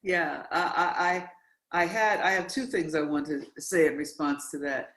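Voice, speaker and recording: Animated man telling a story in an echoey room. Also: on the high side, unhurried. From New York. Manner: animated, acts out quoted voices. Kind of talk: conversational storytelling. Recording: roomy echo.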